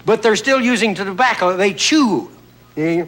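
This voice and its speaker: Chuckling high-voiced man doing stand-up comedy. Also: expressive, unhurried, fairly bright tone. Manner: chuckles at his own jokes, folksy storytelling. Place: TV studio stage. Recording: noisy old TV broadcast with audience laughter. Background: studio audience laughter.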